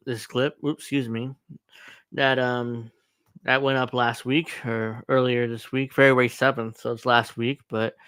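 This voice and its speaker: A man's voice: mid-range voice, sharp tone, clean tone, dry recording. A man hosting his show alone, chatting casually and rambling with lots of fillers as he sets up a clip. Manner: rambling, with many fillers and asides. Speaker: podcast host. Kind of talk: casual solo commentary.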